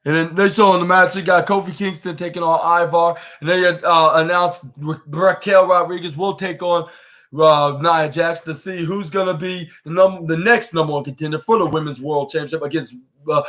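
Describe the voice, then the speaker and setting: A man's voice: on the high side, fairly even intonation, normal speed, a bit bright. Rambling man hosting a wrestling podcast. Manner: rambling, frequent fillers and restarts. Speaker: podcast host. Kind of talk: casual wrestling show recap.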